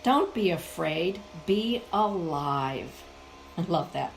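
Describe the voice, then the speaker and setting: A woman reads oracle cards to her viewers at an unhurried, deliberate pace, leaning hard on her key words. Her voice sits a little low and carries a noticeable room echo. A faint hiss of background noise runs underneath. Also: gravelly. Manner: slow, emphatic, addresses viewers by name. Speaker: spiritual author and card reader. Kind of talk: live oracle card reading for viewers.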